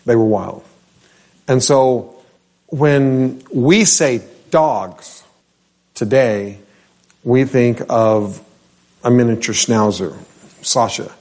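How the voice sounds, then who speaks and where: A male pastor giving a conversational Bible teaching in a church. He talks slowly and at a mid pitch, pausing often and turning to people in the room with questions. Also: darkish tone. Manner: unhurried, addresses listeners by name, asks questions of the room.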